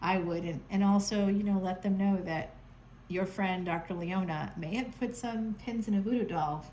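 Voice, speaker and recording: A woman's voice: medium pitch, normal speed, warm tone, a little hiss or hum, low-quality recording. A woman giving a casual, chatty tarot reading from home, playful and sarcastic, laughing often. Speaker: tarot reader.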